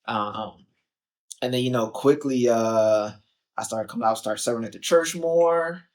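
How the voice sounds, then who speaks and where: A young man from Chicago, a podcast guest, telling his story in a casual, animated way, acting out quotes and filling with "like" and "um". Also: mid-range voice, unhurried.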